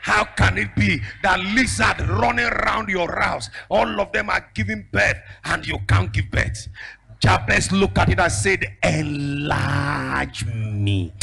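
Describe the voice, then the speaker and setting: A male evangelist, preaching a fiery sermon with prophetic declarations. He moves between shouted declarations and a low storytelling voice. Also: measured pace, vocal fry, husky. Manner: bursts into speaking in tongues.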